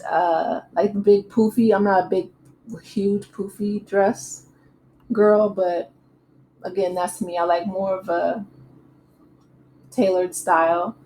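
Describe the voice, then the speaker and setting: A woman's voice: medium pitch, a little mellow, slight background noise, low-quality recording. A woman recapping a reality show in a casual, chatty way, full of asides and fillers. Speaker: recap vlogger. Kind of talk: casual chat.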